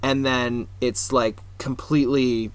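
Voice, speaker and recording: A man's voice: medium pitch, level tone, slow, smooth, no echo. A young man co-hosting a podcast, chiming in with dry, joking remarks about movies. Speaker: podcast co-host. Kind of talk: casual movie discussion.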